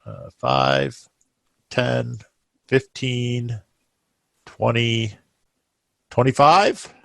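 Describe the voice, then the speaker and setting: A man playing in a tabletop game, describing his moves in an animated way. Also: medium pitch, very slow, vocal fry, dry recording. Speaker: player.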